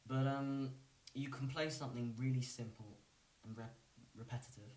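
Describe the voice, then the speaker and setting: A man giving a casual music lesson, relaxed and rambling, with lots of fillers and restarts. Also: mid-range voice, normal speed, a little hiss or hum. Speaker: music teacher. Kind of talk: casual instructional talk. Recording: roomy, from a distance.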